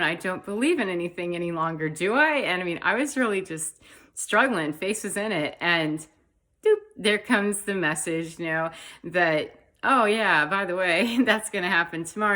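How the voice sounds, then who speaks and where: A woman speaks in a lowish voice, pouring out her feelings in a loose, rambling monologue. She fills her phrases with small fillers and breaks into soft laughs now and then. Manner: heartfelt, rambling, frequent "you know" fillers. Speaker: spiritual vlogger. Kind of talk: emotional personal monologue.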